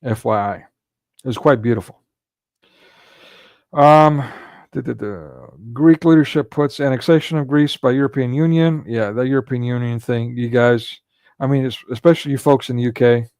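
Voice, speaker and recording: A man's voice: mid-range voice, normal speed, darkish tone, no echo. A man hosting a casual livestream commentary, talking in a rambling way with frequent restarts and filler words. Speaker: livestream host.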